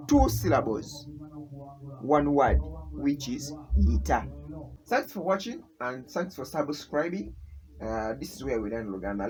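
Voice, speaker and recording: A man's voice: medium pitch, breathy edge, poor audio. A man teaching a casual spoken lesson, patiently repeating each sound and example. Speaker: language teacher.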